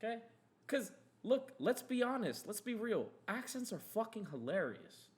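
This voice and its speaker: A man's voice: sits high, very animated, moderate pace. A young man hosting a casual podcast, ranting in a heated, profane, rambling way. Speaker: podcast host.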